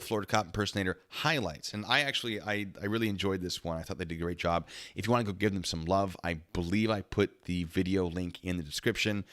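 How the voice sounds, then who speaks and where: A man hosts a casual livestream in a rambling, chatty way. His voice is bright and forceful, sitting a little low in pitch. He keeps breaking off to thank viewers by name for their donations. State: a little out of breath. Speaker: livestream host.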